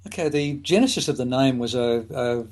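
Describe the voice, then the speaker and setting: A man's voice: medium pitch, expressive, brisk. A man speaking as a psychologist guest on a podcast, with a hesitant delivery full of fillers and restarts. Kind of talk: podcast interview.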